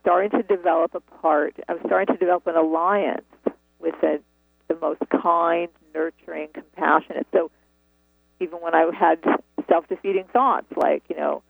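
A woman's voice: on the low side, fairly even intonation, moderate pace, gravelly, no room sound. A woman author telling her story earnestly and reflectively in a phone interview, over a tinny phone line. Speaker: author and guest.

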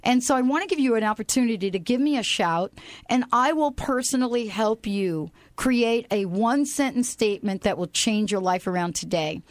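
A woman hosting an inspirational radio talk show, animated and playful, breaking into bits of song. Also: a little high, moderate pace, no room sound. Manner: animated, playful, sings snatches of songs.

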